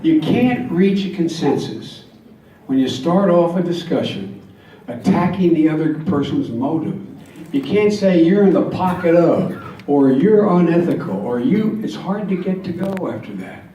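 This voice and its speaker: A man's voice: on the high side, sing-song, unhurried, mellow. Older man speaking folksy in an echoey hall. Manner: folksy storytelling, jokes and earnest emphasis. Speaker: guest speaker at a campaign rally. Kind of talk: campaign speech with anecdotes. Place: large convention hall. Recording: echoey hall, distant mic, faint noise.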